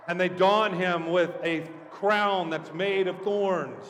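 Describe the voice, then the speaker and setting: A male pastor preaching an animated storytelling sermon, asking the congregation questions. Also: high voice, slight background noise. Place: church sanctuary. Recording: echoey church hall.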